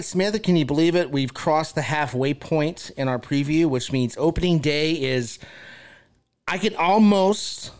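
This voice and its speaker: A man hosting a sports podcast, chatting casually in a laid-back way with loose, folksy phrasing. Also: on the high side. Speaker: podcast host.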